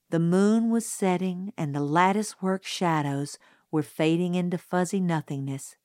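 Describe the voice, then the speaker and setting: A woman reading a novel aloud in first person, measured and unhurried. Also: fairly low pitch, darkish tone, no room sound, clean studio sound. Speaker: audiobook narrator. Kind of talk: scripted first-person narration.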